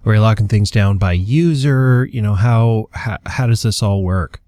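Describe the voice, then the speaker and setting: A man co-hosts a podcast in an upbeat, jokey way. His voice sits a little low, and the sound is dry and close. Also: moderate pace, warm tone, no room sound. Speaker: podcast co-host. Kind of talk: casual podcast chat.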